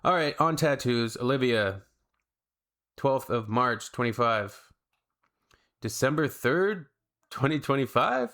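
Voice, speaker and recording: Young man, sarcastic reaction-video host, mid-pitched, talks straight to the viewer. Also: fairly bright tone. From Canada. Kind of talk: casual reaction commentary.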